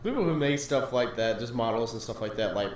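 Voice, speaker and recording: A man co-hosting a casual podcast while getting over an illness, reacting with loud exclamations and free swearing. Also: mid-range voice, animated, brisk. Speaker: podcast co-host. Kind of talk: casual chat. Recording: echoey room with faint noise.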